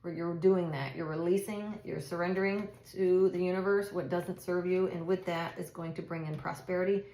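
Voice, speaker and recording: A woman in middle age talks through a tarot reading in a loose, comforting monologue, often restarting her sentences. Her voice sits low and has a gravelly edge. The sound echoes around the room she records in. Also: steady tone, moderate pace, hardly any pauses, dark tone. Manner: chatty, reassuring, thinks aloud with restarts. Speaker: tarot reader.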